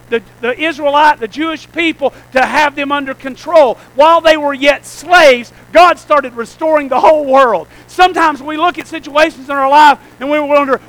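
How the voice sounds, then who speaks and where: A man's voice: very high voice, fairly bright tone, rough recording. A man preaching a sermon as pastor, calling out rhetorical questions to the congregation.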